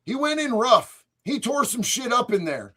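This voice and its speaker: A male streamer tells crude stories in a profane, boisterous way. His voice runs high for a man and leaps all over the place, jumping from loud bursts down to low mutters. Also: big pitch swings, moderate pace. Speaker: streamer host. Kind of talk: crude comedic storytelling on a livestream.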